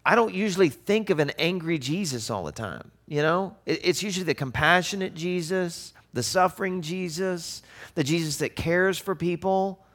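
A man preaching a sermon in a conversational, animated way, asking the audience rhetorical questions. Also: high-pitched, moderate pace. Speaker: pastor.

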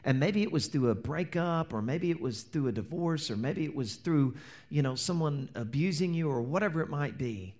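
A man preaching a sermon as pastor, animated, acting out quoted prayers and dropping to near-whispers. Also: on the high side, moderate pace.

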